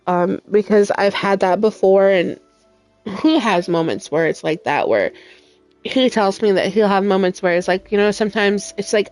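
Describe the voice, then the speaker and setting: A woman's voice: medium pitch, moderate pace, a little mellow. A young adult woman streaming a game, talking in a heartfelt, emotional and rambling way with many fillers. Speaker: gaming streamer. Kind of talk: casual chat while playing. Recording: faint music in background.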